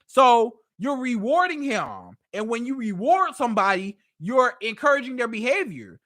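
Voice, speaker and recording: A high, bouncy female voice swoops up and down as she lectures on a livestream. She is a dating coach, emphatic and animated, pressing her points with repeated rhetorical questions. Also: moderate pace, few pauses. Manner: animated, emphatic, acts out a cheating man. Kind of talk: livestream advice talk. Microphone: livestream setup.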